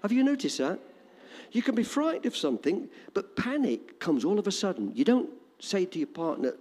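A man preaching a sermon to a congregation, dramatic and animated. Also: high voice, normal speed, big-room sound. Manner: animated, dramatic, shouting quoted lines.

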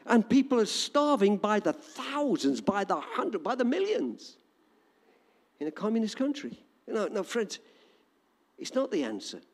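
Older man, English accent, sermon, emphatic repetition, very animated, long hall reverb. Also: sits high, a little slow. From England. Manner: emphatic, repetitive preaching cadence. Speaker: preacher.

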